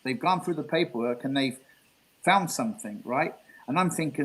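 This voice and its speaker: A man's voice: fairly high pitch, lively intonation, moderate pace, fairly bright tone, slightly rough, low-quality recording. An English man from England, a guest telling a long rambling story, repeating himself and swearing. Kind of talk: casual storytelling interview.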